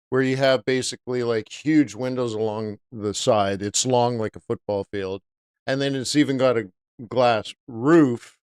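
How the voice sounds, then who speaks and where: A middle-aged man tells a story casually during a livestream, loose and meandering, tossing in fillers as he goes. His voice is smooth and clear, recorded dry and close with no room sound. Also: mid-range voice, dry recording. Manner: laid-back and rambling, with "dude" and "right?" fillers. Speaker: forex trading livestream host.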